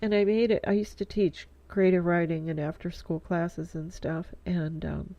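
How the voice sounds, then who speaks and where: Middle-aged woman, teary and stuffy, low mellow voice, rambling vlog talk, dull dry lo-fi sound. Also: steady tone, normal speed, no room sound. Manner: rambling, lots of fillers. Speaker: vlogger. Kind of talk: casual heartfelt monologue.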